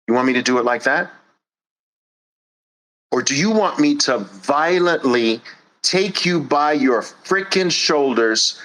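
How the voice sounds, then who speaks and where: A man hosting a show, giving a blunt, forceful monologue with swearing for emphasis. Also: fairly high pitch, low-quality recording. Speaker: host. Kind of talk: impassioned monologue.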